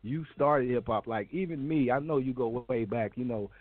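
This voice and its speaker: A man hosting a radio interview show, excitable and prone to repeating himself. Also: mid-range voice, moderate pace, no room sound. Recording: dry tinny phone-like line.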